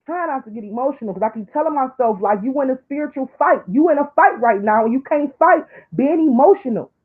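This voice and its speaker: A woman talking on a live stream in a preachy, emotional way, dropping low for asides and climbing high when she pleads. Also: animated, quick pace, slightly rough. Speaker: online commentator. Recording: tinny phone-like line.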